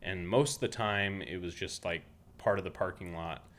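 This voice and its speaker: A man from Utah hosting a laid-back podcast in a low voice. He wanders through anecdotes, restarting sentences as he goes. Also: moderate pace, a bit bright. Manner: rambling anecdotal storytelling with many restarts. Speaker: podcast host. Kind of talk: casual podcast chat.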